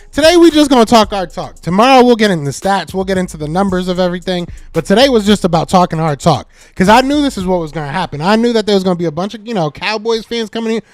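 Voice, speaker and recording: In a dry recording, a podcast host whose voice sits high hosts a sports talk live stream. He answers chat commenters animatedly with teasing jabs he repeats several times.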